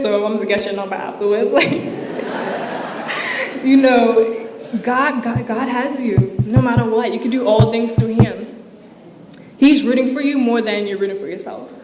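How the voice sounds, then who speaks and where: A young woman giving an inspirational, faith-filled commencement speech, casual and emotional, with many fillers. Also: on the high side. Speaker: commencement speaker. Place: large hall at a ceremony. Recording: echoey hall with crowd noise.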